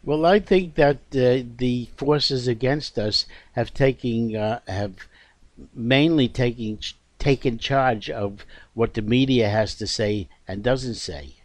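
A man speaking as a guest on a talk show, emphatic and halting, full of fillers. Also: mid-range voice, no echo. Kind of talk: casual talk show discussion.

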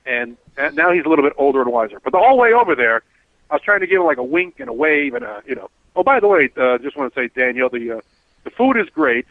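Over a tinny, phone-like line with no room sound, a cab driver who regularly appears on a talk show tells a rambling story. His voice is mid-range and fast, and he animatedly acts out the voices of the people in it.

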